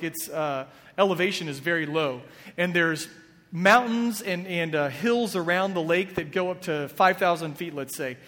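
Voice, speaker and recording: A man's voice: sits high, fairly bright tone. A man preaching a conversational sermon, retelling scripture with casual asides. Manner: conversational, with fillers and restarts. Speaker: pastor. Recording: long hall reverb.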